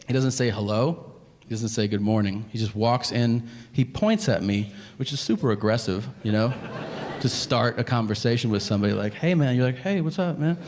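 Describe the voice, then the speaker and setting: Profane stand-up comic in a reverberant hall. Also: male voice, fairly low pitch, moderate pace. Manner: storytelling, acts out both sides of a conversation; profane, self-mocking. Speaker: stand-up comedian. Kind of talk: stand-up comedy set. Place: theater stage before a laughing audience. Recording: live hall with reverb and crowd noise.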